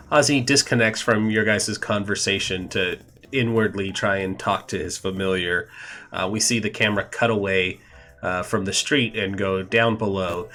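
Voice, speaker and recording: A man's voice: lowish voice, pushed and bright. A man narrating a tabletop game as game master, rambling with many fillers.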